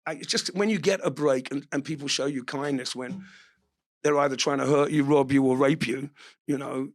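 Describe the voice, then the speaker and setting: A man's voice: mid-range voice, steady tone, normal speed. A man, an interview guest telling stories casually, swearing freely and laughing as he talks. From England. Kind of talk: casual storytelling.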